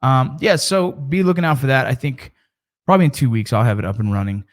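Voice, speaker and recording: A man's voice: medium pitch, fairly quick. A middle-aged man and father talking casually to camera about mentoring, in a rambling, conversational way with frequent restarts.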